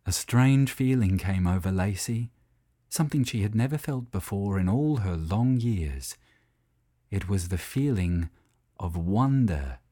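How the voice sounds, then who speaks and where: A man narrating a children's story in an expressive, animated way. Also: lowish voice, no echo, studio quality.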